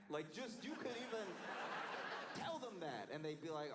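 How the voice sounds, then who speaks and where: A man chatting casually on a live stream, talking in an animated way with frequent laughs and playful voices for the people he quotes. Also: high voice, normal speed, heavy background noise.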